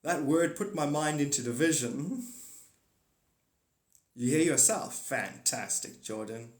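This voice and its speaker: A man's voice: fairly high pitch, expressive, slow pace. A man hosting a livestream, rambling through a monologue and answering chat comments aloud. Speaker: livestream host. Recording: echoey room.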